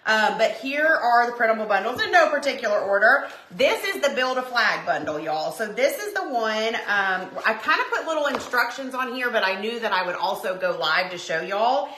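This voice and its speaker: Bright, gushing woman on a live stream. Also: a little high, expressive, normal speed, hardly any pauses. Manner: chatty and gushing, addresses viewers as y'all. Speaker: livestream host showing craft printables. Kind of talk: casual live-stream chat. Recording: roomy echo.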